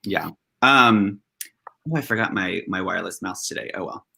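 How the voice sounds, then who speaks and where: Bright-voiced campy male co-host. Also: sits low, moderate pace, gravelly, slightly rough. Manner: campy, affectionate banter. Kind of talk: casual chat.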